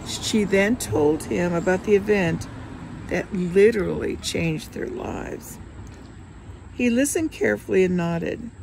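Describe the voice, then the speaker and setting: Woman reader, novel narration, gravelly voice, steady pacing, faint background noise. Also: medium pitch, slow, poor audio. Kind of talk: novel read aloud.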